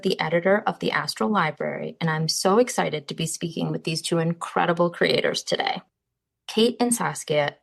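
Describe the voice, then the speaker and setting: A woman editor hosting an interview, upbeat as she asks brisk questions. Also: lowish voice, vocal fry. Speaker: editor and host.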